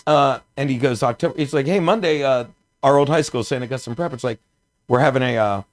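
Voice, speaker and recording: A man's voice: mid-range voice, brisk. A man in his fifties from South Jersey, telling a rambling story on a podcast and laughing as he goes. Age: 50s. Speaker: comedian guest.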